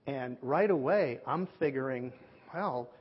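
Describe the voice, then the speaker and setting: A man preaching a sermon, telling a story in a lively way and acting out the voices of the people he quotes. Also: medium pitch, measured pace, slightly rough. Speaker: pastor. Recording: dull lo-fi audio with long hall reverb.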